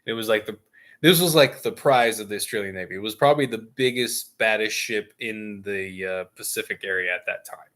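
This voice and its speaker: Guy on a gaming stream rambling thru a story, bright voice, laughs a lot. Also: fairly low pitch, fairly quick. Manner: rambling storyteller, laughs often, jokey asides. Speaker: stream host. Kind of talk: casual chat.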